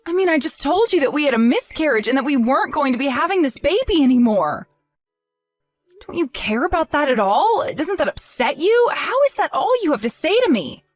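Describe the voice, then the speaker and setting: A woman's voice: sits high, big pitch swings, a little fast, no room sound, faint music behind. A woman voicing a grieving young wife in a text-message drama, pleading and then outraged. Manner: emotional, pleading, rising to outraged.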